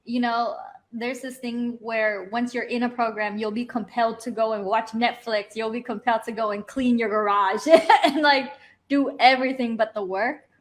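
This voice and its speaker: A woman with a fairly high, steady voice hosts a casual livestream chat at a moderate pace, cheering on her guest. She moved to America as a child, immigrating there. Her manner is warm and encouraging, and she talks with many fillers and restarts.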